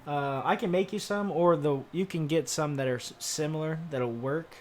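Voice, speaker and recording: A man's voice: a little high, normal speed, a little mellow. A young man chatting casually on a livestream while building a keyboard, answering viewers in laid-back, slangy banter full of swearing.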